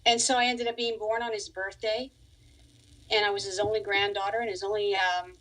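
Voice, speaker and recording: A Long Island, New York woman in her forties is a relaxed guest on a radio interview, a musician and piano teacher who laughs often as she tells her story. Her medium-pitched voice is flat, brisk, and a bit bright, and the audio is poor.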